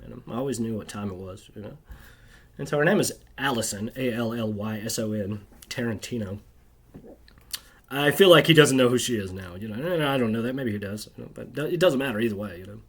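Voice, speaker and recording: A man's voice: mid-range voice, fairly quick, slightly rough. A man telling a rambling, bitter personal story to camera, agitated and constantly tagging his sentences with "right?". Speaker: video creator.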